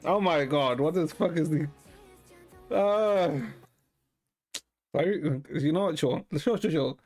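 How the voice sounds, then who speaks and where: A man streaming and chatting casually with a deadpan manner, swearing often. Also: on the high side, slow pace, soft background music.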